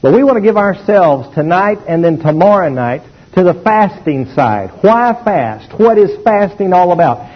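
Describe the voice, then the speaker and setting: A man preaching in church, his husky voice swinging up and down as he stresses each point. He teaches emphatically and asks the congregation to say words back to him. The old recording sounds dull and lo-fi. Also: high-pitched. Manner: emphatic, animated teaching with call-and-response. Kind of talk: sermon.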